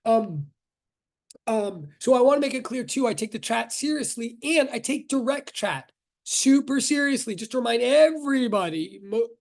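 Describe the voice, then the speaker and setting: A middle-aged man from Brooklyn, New York, gives a casual introduction to a physics class over a video call. His voice is extremely high-pitched with lively intonation and a moderate pace, and he rambles, jokes and interrupts himself while reading the chat.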